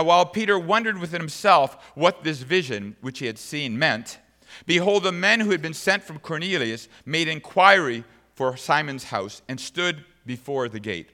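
Male pastor, fairly high bright voice, emphatic sermon delivery with repeated phrases, long hall reverb. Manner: emphatic preacher who repeats phrases for stress. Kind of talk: sermon with scripture reading.

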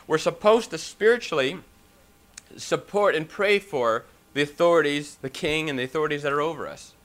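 A man's voice: on the high side, fairly bright tone. A man preaching a sermon, talking emphatically with rhetorical questions and a few restarts.

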